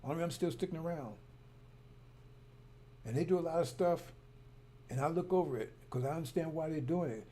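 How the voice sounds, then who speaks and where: A man's voice: on the high side, a little fast, long pauses, mellow. A man telling a story and ranting in a heated, rambling way, repeating himself often. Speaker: broadcaster. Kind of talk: casual monologue.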